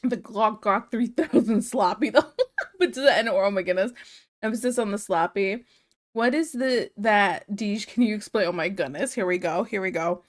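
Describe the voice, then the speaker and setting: A woman streamer chatting casually while she draws, frank, teasing and quick to giggle. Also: mid-range voice. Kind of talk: casual chat while drawing.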